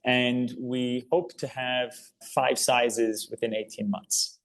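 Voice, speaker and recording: A man with a mid-range voice talks as a guest in a relaxed interview. He explains his business plainly and earnestly. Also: medium pitch, slow pace. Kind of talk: casual interview chat.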